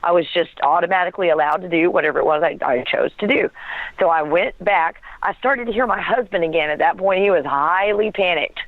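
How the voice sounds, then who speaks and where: A woman's voice: on the low side, a little fast, dry recording. A woman telling a personal story as an interview guest, earnest and searching for words, often breaking into a laugh. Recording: tinny phone line, dry.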